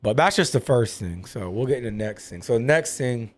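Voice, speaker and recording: A man's voice: medium pitch, lively intonation, fairly quick. A man talking openly as a podcast guest, rambling and full of fillers. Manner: rambling, filler-heavy, candid. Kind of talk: casual personal talk.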